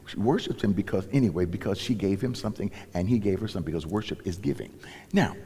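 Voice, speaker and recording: A man delivers a sermon with a low, husky, mellow voice that swings widely in pitch. He tells the story with animation and acts out the characters' lines in different voices. His voice carries the long reverb of a large church sanctuary. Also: fast talker. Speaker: pastor.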